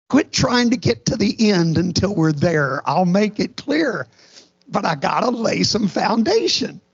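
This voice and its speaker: Raspy high-voiced preacher, lo-fi. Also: male voice, sing-song, a little slow. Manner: earnest storytelling preacher with repeated restarts. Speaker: pastor. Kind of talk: sermon. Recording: dull lo-fi sound.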